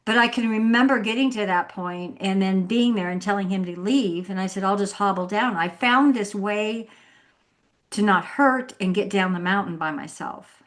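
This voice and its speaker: A woman's voice: medium pitch, normal speed. Chatty woman podcast host. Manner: chatty storyteller, acts out quoted voices, laughs often. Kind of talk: casual podcast conversation. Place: home.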